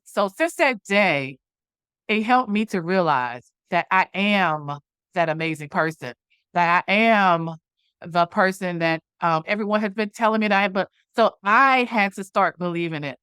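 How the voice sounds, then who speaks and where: Speaking unhurriedly in a mid-range voice with a fairly bright, clear and resonant tone, a woman who founded a movement appears as an interview guest. She recounts a personal story, animatedly performing the dialogue, in a studio-quality recording with no echo.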